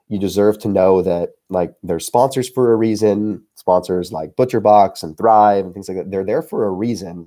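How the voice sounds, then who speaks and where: A man with a low voice and a dark, mellow tone chats live with his viewers. He rambles earnestly, with plenty of fillers and restarts, in a loose, unscripted way. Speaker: channel host. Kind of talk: casual live-stream chat.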